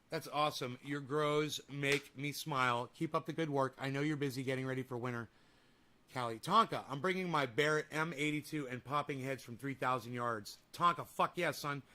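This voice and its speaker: A man's voice: a little high, moderate pace, sharp tone. A man hosting a casual livestream, reading viewer comments and trash-talking in a crude, taunting way. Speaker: livestream host.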